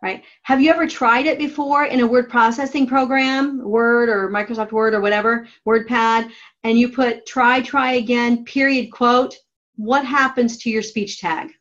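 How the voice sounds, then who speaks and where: A woman's voice: on the high side, steady tone, fairly bright tone, dull audio. Woman teacher dictating grammar steps. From United States. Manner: slow, deliberate dictation of steps. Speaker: writing teacher. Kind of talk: classroom grammar lesson.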